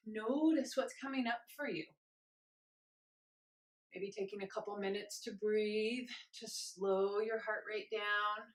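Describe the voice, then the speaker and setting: A young woman leading a guided movement class, encouraging and gentle, a little out of breath as she moves. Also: mid-range voice. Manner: encouraging, gentle, invites choices. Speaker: movement instructor. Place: home room with carpet.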